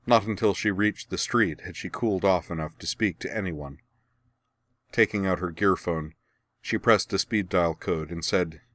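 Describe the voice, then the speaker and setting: Male narrator, audiobook reading, low voice, dry close recording, steady delivery. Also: normal speed, no echo. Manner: steady, even storytelling. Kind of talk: audiobook reading of fan fiction.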